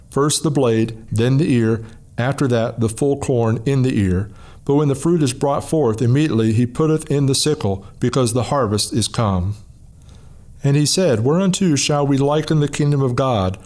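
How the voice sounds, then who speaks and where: A man hosting a programme, reading scripture aloud in a measured, solemn way in a studio. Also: mid-range voice, a little mellow. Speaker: host and Bible reader.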